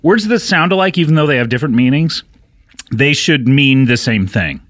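A man's voice: medium pitch, expressive, moderate pace, fairly bright tone, no room sound, clean studio sound. A man hosting a casual comedy podcast, playful and teasing, laughing often. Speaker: podcast host.

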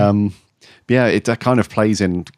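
A man with a low voice co-hosts a casual fan podcast. He talks loosely, chuckling and leaving sentences hanging. His voice is close and dry, with no room sound. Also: measured pace, darkish tone, no echo. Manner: rambling, chuckling, trailing off mid-sentence. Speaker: podcast co-host.

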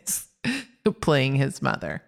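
A woman's voice: extremely low pitch, big pitch swings, slow pace, vocal fry, faint music behind. A woman co-hosting a casual podcast chat, reading out film facts in an upbeat way. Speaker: podcast co-host.

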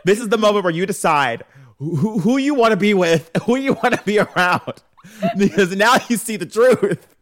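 A man's voice: high voice, expressive, normal speed. A young man co-hosting a podcast, brash and foul-mouthed, with theatrical outbursts. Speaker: podcast co-host. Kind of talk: casual chat.

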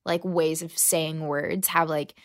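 A woman's voice: sits low, steady tone, slow, no room sound, studio quality. A young American woman as a podcast guest, earnest and thoughtful, laughing easily. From United States. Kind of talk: casual interview chat.

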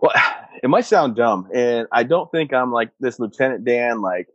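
A man in his thirties, a combat veteran, telling his own story in a steady, matter-of-fact way. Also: mid-range voice, moderate pace, dry recording. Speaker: interview guest, combat veteran. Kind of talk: personal storytelling. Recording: dull muffled sound, dry.

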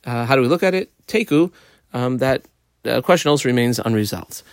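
A man giving a daily Talmud lesson, explaining the page casually with everyday examples and frequent pauses. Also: mid-range voice, animated, no room sound, clean studio sound. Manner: halting, with frequent ums and restarts. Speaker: Talmud teacher.

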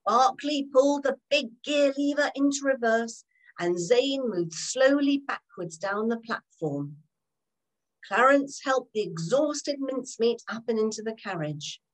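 A woman narrating a children's storybook in an expressive, animated way. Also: on the high side, a little slow, low-quality recording.

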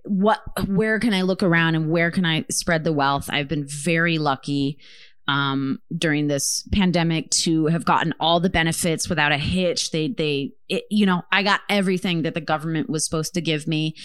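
A woman's voice: low voice, fairly even intonation, moderate pace, clear, resonant tone, dry recording. Woman co-host, heated and foul-mouthed, tells stories, dry close sound. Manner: impassioned, profane, storytelling. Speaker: podcast co-host. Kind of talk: casual chat.

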